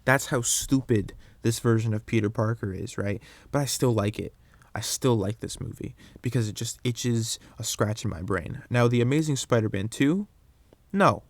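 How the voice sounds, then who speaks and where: A young man hosting a solo podcast, rambling through his opinions in a casual, animated way with frequent restarts. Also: medium pitch, normal speed, no room sound. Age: young adult. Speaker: podcast host.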